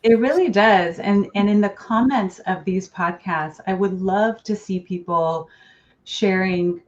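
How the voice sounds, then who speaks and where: A woman's voice: medium pitch, unhurried. A middle-aged woman, a relationship therapist, talking earnestly as a podcast guest with light laughs now and then. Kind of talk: podcast interview. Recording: dull lo-fi sound.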